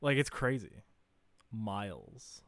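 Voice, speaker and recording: A man's voice: lowish voice, very animated, slow pace, fairly bright tone, dry recording. A young man streaming a casual live reaction, blunt, profane and incredulous, often laughing.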